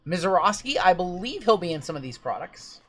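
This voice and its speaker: A man hosting a live-stream card break, chatty and reading lists of names quickly. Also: high voice, very animated, fairly bright tone, soft background music.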